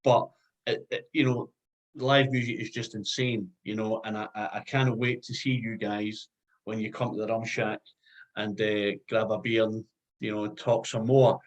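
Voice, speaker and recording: A man's voice: fairly low pitch, flat delivery, moderate pace, rough recording. A Scottish man interviewing musicians in a rambling, enthusiastic casual chat, swearing freely. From Scotland.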